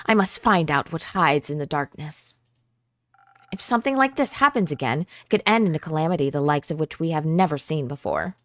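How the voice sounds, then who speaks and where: A woman's voice: low-pitched, no echo, voice pushed down. Woman voicing a determined, paranoid heroine for a game, grave and formal delivery, dry recording.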